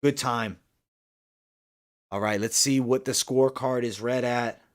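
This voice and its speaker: In an unhurried, mid-range voice with fairly even intonation, a man runs a fight-night livestream. He reads viewer comments and answers them, swearing plenty and fuming about the judging.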